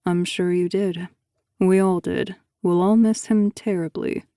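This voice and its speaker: A woman voicing a calm, manipulative male school teacher who talks in a hushed, coaxing way. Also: on the low side, unhurried, no echo, studio quality.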